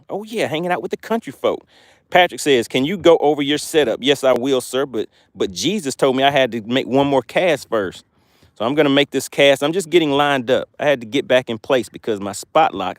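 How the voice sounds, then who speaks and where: A man's voice: mid-range voice, dry recording, studio quality. A man on a lake boat hosting a casual fishing livestream, chatting and reading viewer comments aloud. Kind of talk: casual live-stream commentary.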